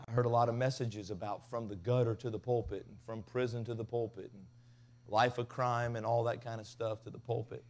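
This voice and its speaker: A man preaching a revival sermon, telling stories with big swings from loud to hushed. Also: mid-range voice, flat delivery, fairly quick. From Tennessee. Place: revival tent.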